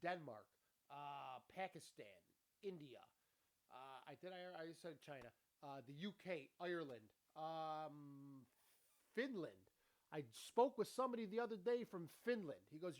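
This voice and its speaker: Male show host, slightly high voice, rambling motivational talk, curses freely, talks to a camera. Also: lively intonation, measured pace. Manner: rambling, profane, laughing often. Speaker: podcast host. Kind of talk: motivational monologue. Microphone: camera with ring light.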